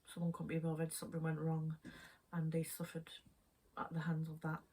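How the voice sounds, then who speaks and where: A woman's voice: deep voice, completely flat delivery, a little fast, dark tone, husky. A woman co-hosting a podcast in casual chat, rambling and laughing easily as she talks. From Zimbabwe. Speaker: podcast co-host.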